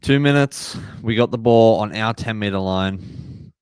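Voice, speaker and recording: Deep-voiced guy doing live footy reactions, gets hyped and emotional, smooth dry sound. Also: a little slow, no room sound. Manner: excitable, emotional, yells at big plays. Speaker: live stream host. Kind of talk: live match reaction commentary.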